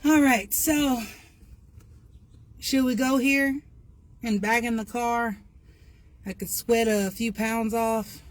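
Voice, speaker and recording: Animated woman livestreaming outdoors. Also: fairly high pitch, slow pace, long pauses, a little hiss or hum. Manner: animated, laughing, chatting to viewers. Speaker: livestream host. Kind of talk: casual livestream chat. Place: outdoors by her car.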